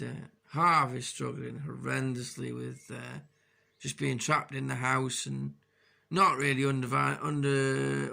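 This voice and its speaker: A man records a personal video diary in a heavily gravelly, creaky voice. He speaks frankly and hesitantly, with many restarts and fillers, and his pitch sits at an ordinary middle height. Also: pushed and bright. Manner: frank, open about struggling. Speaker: vlogger.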